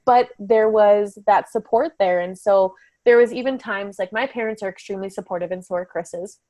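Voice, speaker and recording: A woman's voice: medium pitch, normal speed, mellow, no echo. Candid, laughing woman podcast guest. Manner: candid and laughing often, with frequent fillers. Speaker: podcast guest, business coach. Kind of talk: casual conversational interview.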